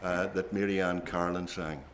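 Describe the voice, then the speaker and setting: A man's voice: low-pitched, little pitch movement, moderate pace, a little hiss or hum. An older man, telling rambling stories between songs at a traditional singing session. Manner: chatty, rambling reminiscence with asides. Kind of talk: relaxed storytelling at a singing session.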